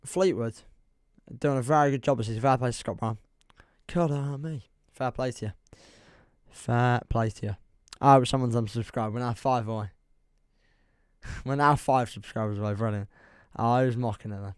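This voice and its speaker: A man's voice: medium pitch, normal speed, clean tone, no echo, studio quality. A young man with an English accent chatting casually on a football livestream, rambling and laughing as he reads the chat. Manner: rambling, self-deprecating, reads chat aloud, laughs often.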